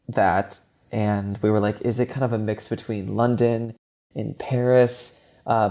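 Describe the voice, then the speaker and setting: A man's voice: lowish voice, a little mellow. A man co-hosting a podcast, chatting casually about a film in a rambling way with many "like"s. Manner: chatty and rambling, heavy use of "like". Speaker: podcast co-host. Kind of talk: casual film review chat.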